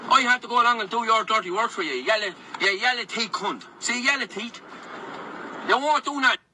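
A man's voice: very high-pitched, a little fast, pushed and bright, slight background noise, rough recording. A man in an angry, repetitive rant, taunting and insulting someone and challenging him to fight.

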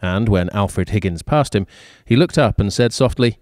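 A man acting as storyteller, reading a short story aloud at an even, measured pace. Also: fairly low pitch, dry recording, clean studio sound.

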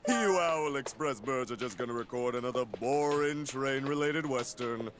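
A man's voice: medium pitch, moderate pace, noisy background, natural voice. An actor playing a flamboyant male disco penguin director in a video game, with a theatrical, posh drawl. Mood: haughty.

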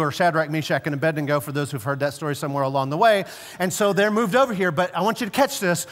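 A man preaching a sermon as pastor, telling stories emphatically and slowing down and dropping low to stress key words. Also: a bit bright, long reverb tail. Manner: storytelling, emphatic, slows and drops low for stress. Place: church sanctuary.

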